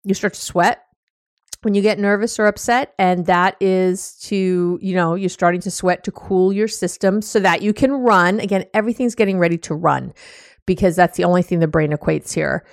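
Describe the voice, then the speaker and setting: A woman hosting a relationship podcast, explaining things in a casual, animated way with lots of "you know" and little acted-out exchanges, teasing her listeners fondly. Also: on the low side, moderate pace, vocal fry, no echo, studio quality. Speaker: relationship coach and podcast host.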